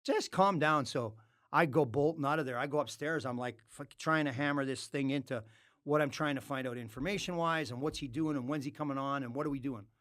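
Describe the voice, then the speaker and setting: A man's voice: mid-range voice, fairly quick, no echo, clean studio sound. Profane man telling stories. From Canada. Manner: animated, profane storyteller with loud outbursts. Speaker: podcast guest, former hockey player. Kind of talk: casual storytelling. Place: podcast studio.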